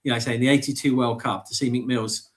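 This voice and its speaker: Englishman, 50s, podcast co-host, warm nostalgic football talk, filler-heavy. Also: medium pitch, fairly even intonation, quick pace. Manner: enthusiastic, reminiscing, frequent "you know" fillers. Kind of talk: casual football chat.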